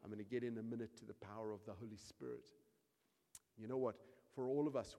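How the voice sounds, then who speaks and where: Animated male preacher in a reverberant hall. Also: on the low side, a little fast. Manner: animated, swings from quiet asides to loud shouting emphasis. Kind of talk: sermon. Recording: long reverb of a large hall.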